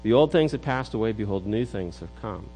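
A man's voice: on the low side, animated, fairly quick, warm tone, slight background noise, rough recording. A middle-aged man preaching a sermon in an earnest way, often repeating words as he builds a point. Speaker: pastor.

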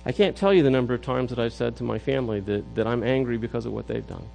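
A man's voice: mid-range voice, quick pace, gravelly, darkish tone, faint music behind, poor audio. A middle-aged man preaching a sermon in an earnest way, often repeating words as he builds a point. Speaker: pastor.

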